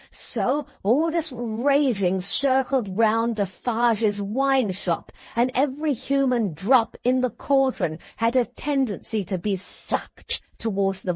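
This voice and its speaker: A female audiobook narrator with a fairly high voice, reading at a slow, deliberate pace. The sound is close and dry, with no room around it. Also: dry recording. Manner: steady, measured storytelling. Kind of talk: scripted narration.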